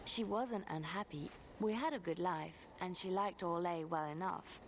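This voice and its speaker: A woman voicing a gentle young bard, Leliana. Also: lowish voice, normal speed, background noise, close to an everyday voice. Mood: wistful. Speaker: game character.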